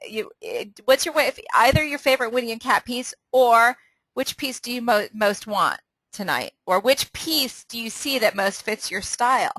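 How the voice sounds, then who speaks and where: A woman's voice: fairly high pitch, lively intonation, normal speed, fairly bright tone, no room sound, low-quality recording. A woman hosting a casual sales training call, upbeat and laughing often, running a quiz and restarting her sentences.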